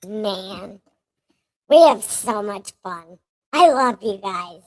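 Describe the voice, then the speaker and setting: A woman hosting a livestream in casual chat, joking and laughing often. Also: mid-range voice. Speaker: livestream host.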